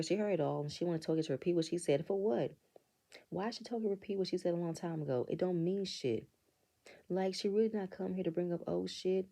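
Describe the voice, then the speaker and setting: A woman's voice: on the low side, gravelly, mellow. A woman casually recapping a reality show in blunt, profane, exasperated commentary. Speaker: reality TV reviewer.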